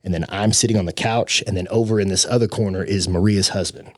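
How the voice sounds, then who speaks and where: A man telling a personal story as a podcast guest in an earnest, animated, casual way. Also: deep voice, fast talker, no echo, clean studio sound. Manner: earnest, animated storyteller who says "dude".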